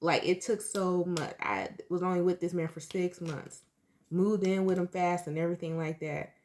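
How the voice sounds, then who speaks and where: A woman in her thirties with a slightly low voice, telling her viewers a story straight and blunt. She swears freely and punches her points hard, like a tarot reader who is done sugarcoating. It sounds like a home recording on a phone or webcam. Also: fairly even intonation, normal speed, darkish tone, slight background noise. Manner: blunt, profane, emphatic.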